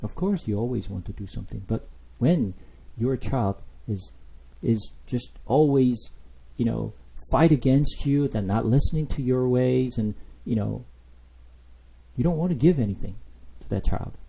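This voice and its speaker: A man's voice: medium pitch, expressive, unhurried, vocal fry, warm tone, slightly rough. A man teaching a Bible study sermon, impassioned, full of rhetorical questions and "you know" fillers.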